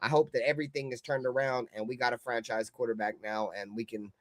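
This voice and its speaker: A man hosting a live fan stream, ranting with heavy cursing, swinging between loud outbursts and low mutters. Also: steady tone, quick pace, no echo. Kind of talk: profane fan rant.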